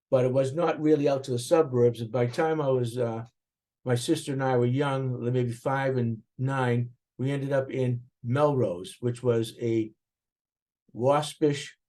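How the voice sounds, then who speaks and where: Animated older man with a Boston accent. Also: mid-range voice. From Boston area, USA. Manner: animated, talks with his hands, rambling restarts. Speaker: interviewee. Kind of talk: reflective interview recollection.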